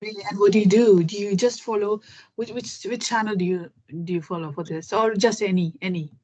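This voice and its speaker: Over a video call, a woman runs English conversation practice, asking curious questions in a chatty way with lots of fillers and frequent restarts. Her medium-pitched voice is warm and fairly even in intonation, she talks fairly quickly, and the audio sounds dull.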